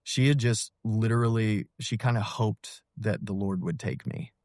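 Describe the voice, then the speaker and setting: A man in his thirties telling his personal story as a podcast guest, earnest and halting, with many fillers and restarts. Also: fairly low pitch, a little mellow, dry recording, studio quality. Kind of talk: personal testimony in an interview.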